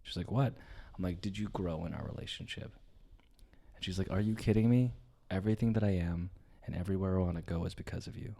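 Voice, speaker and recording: A young man with a lowish voice tells a story on a casual comedy podcast. He is animated and profane, jumping between loud bursts and quiet, hushed passages. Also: quick pace, gravelly. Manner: animated, swears a lot, swings from loud to hushed. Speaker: podcast co-host.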